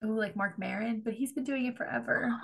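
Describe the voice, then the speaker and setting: A woman's voice: fairly high pitch, fairly quick, gravelly, fairly bright tone. A woman co-hosting a podcast in casual chat. She swears freely and jumps from one aside to the next. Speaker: podcast co-host.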